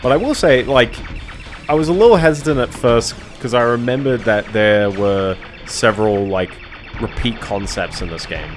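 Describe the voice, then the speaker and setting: A man's voice: medium pitch, normal speed. A man casually commenting while streaming a video game, rambling and hedging with little chuckles to himself. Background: game music.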